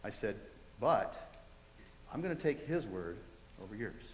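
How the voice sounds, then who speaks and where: A man's voice: on the low side, measured pace, heavy background noise. American man telling a story in a hall. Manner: storytelling with quoted dialogue, animated and conversational. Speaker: guest speaker giving testimony. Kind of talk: testimony told to a live audience. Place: large college hall. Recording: echoey hall with long reverb.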